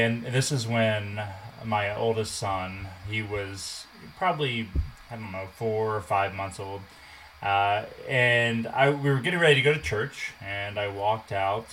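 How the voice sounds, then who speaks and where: A man in his twenties telling a casual, animated story, swearing and acting out what people said. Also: on the low side, a little hiss or hum, low-quality recording. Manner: animated, swears, acts out quotes.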